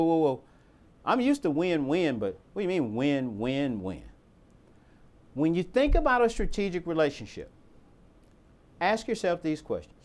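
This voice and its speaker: A man leads a training session for volunteers. His fairly high voice swings widely in pitch as he stresses each point. He poses rhetorical questions and repeats himself for emphasis. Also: a little mellow.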